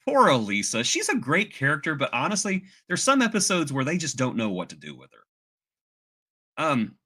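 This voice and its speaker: Bright, lively American podcast host. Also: male voice, on the high side, normal speed, slightly rough. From United States. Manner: playful, laughing, recapping episodes. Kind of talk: casual chat.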